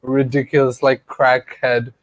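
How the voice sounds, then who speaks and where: A man's voice: mid-range voice, little pitch movement, measured pace, no echo, rough recording. A man co-hosting a podcast, rambling in casual chat, swearing freely and laughing often. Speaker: podcast co-host.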